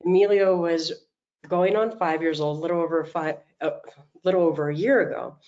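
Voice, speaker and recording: A middle-aged woman coach speaks in a fairly low voice, telling stories with lively energy. The sound is dull and lo-fi, like video call audio. She often acts out what people said. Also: normal speed. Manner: animated storytelling, acts out quotes. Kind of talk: motivational talk.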